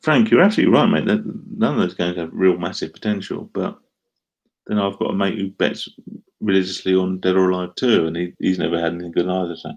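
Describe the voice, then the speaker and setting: A man's voice: low voice, quick pace, gravelly, lo-fi sound. A middle-aged man with an Essex accent, chatting casually on a live stream and answering viewer comments in a rambling way. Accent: Essex English. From England.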